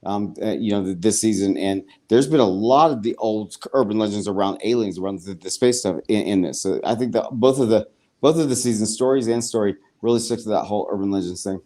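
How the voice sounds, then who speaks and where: A man co-hosting a casual podcast, retelling a TV episode in a rambling, animated way with swearing and quick acted asides. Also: on the low side. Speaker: podcast co-host. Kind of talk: casual chat recapping a TV episode.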